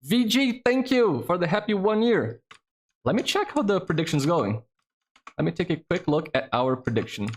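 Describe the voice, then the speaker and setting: A man's voice: high-pitched, sing-song, moderate pace. Chatty male streamer hosting trivia. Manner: chatty, swears freely, thinks aloud. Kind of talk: casual live-stream chat.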